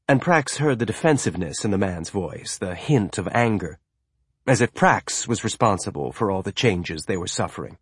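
A man reading a novel aloud as an audiobook narrator, with a measured, even storytelling delivery. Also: fairly low pitch, slightly rough, no room sound, clean studio sound. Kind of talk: scripted narration.

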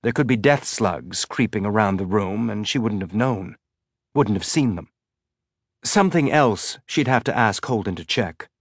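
A man reading an audiobook narration in a steady, even voice. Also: lowish voice, moderate pace, no echo, studio quality.

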